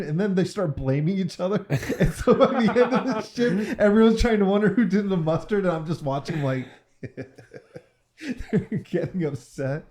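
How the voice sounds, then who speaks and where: Young dude on a podcast, warm mellow voice, tells stories and cusses a bunch. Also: male voice, high voice, brisk. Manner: animated storyteller, swears often. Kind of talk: casual podcast chat.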